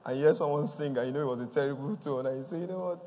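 A man preaching a lively sermon, often laughing and calling out praise. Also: mid-range voice, racing. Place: church. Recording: long hall reverb.

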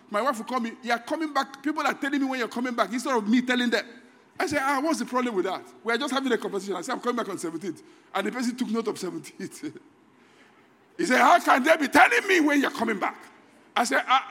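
A Nigerian man in middle age preaching a sermon, his voice pitched very high and swinging widely up and down. He moves from soft asides to shouted emphasis, and a long reverb trails behind him in the church hall. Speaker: pastor.

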